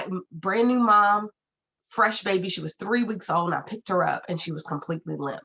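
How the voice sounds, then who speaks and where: A woman's voice: on the low side, normal speed, creaky, sharp tone. A woman giving a keynote talk, telling a personal story earnestly and repeating phrases for emphasis. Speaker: keynote speaker. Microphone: video call. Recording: muffled lo-fi audio.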